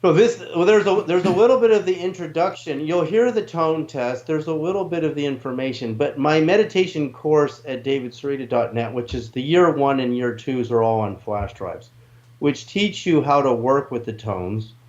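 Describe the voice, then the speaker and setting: A man's voice: fairly high pitch, moderate pace, darkish tone, muffled recording. A man in an interview, earnestly explaining his ideas with restarts and asides. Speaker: interview guest, researcher.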